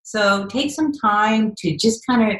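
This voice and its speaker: A woman guest coach speaking gently and encouragingly in a casual interview. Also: mid-range voice, slow pace. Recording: roomy echo.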